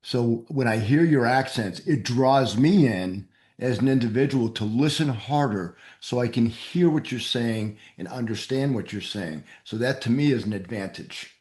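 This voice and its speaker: A man's voice: mid-range voice, lively intonation, moderate pace, hardly any pauses, a little mellow, roomy sound. A man from New England with a Boston-area accent, hosting a men's group call in an upbeat, encouraging way. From New England, USA. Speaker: host of a men's mastermind group.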